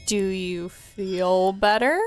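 A woman giving chatty, excitable let's-play commentary as she plays a game, reacting out loud and swearing freely. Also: medium pitch, slow pace, faint music behind. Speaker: gamer playing a game.

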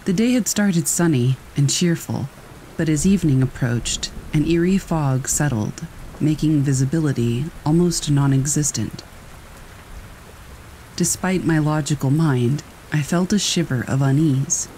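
Mellow male horror-story narrator. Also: fairly high pitch, unhurried, slight background noise, low-quality recording.

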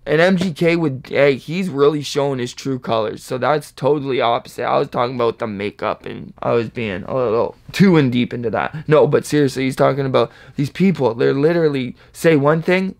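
A man's voice: mid-range voice, a little fast, creaky, hardly any pauses. A man hosting a reaction video, chatting casually and whooping at lines he likes. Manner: excitable, hypes bars with whoops and laughs.

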